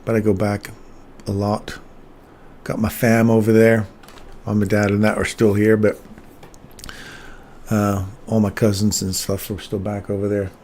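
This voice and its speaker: A man's voice: on the low side, monotone, a little slow, pauses often, a little mellow, slight background noise. A man in his fifties who grew up in England and Canada, casually talking through chart moves and answering chat as host of a live trading stream. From England, raised in Canada. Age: 50s.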